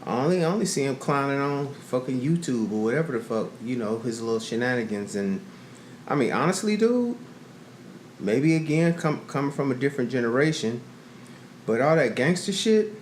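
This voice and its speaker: A middle-aged man co-hosts a podcast, telling profane stories in casual chat and acting out quotes. His medium-pitched voice is animated at a normal pace. The recording has a roomy echo and faint noise.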